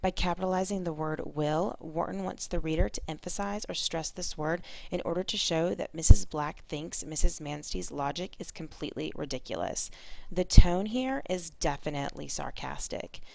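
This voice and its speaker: A woman teacher explaining a reading lesson in a clear, methodical way. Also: low-pitched, moderate pace, a little mellow, no room sound.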